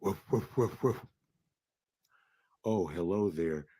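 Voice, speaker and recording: A man voicing a hungry male pet dog who waits eagerly by his bowl and barks in a slow, sing-song way. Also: low voice, mellow, husky, no room sound, heavily acted.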